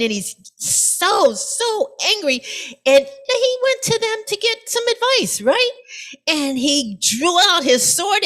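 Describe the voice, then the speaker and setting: A middle-aged woman pastor giving a sermon in a conversational storytelling way, full of asides and fillers. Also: a little high.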